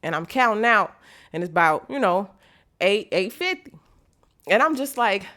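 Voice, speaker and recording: A woman's voice: mid-range voice, normal speed, pauses often. A woman vlogger telling a motivational story in casual, slangy talk, speaking straight to viewers and acting out the voices she quotes. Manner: animated, acts out quoted voices; slangy, direct address to viewers.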